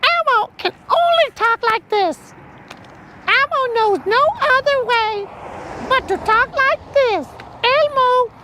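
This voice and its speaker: A man's voice: very high voice, lively intonation, slow pace, background noise, voice pushed up, heavily acted. A man voicing a childlike furry red puppet monster who speaks of himself in the third person. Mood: playful.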